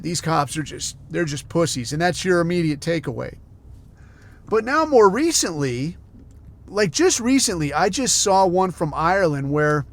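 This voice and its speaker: A man from the United States, hosting a podcast and ranting in a heated, profane, sarcastic way. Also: fairly high pitch. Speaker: podcast host.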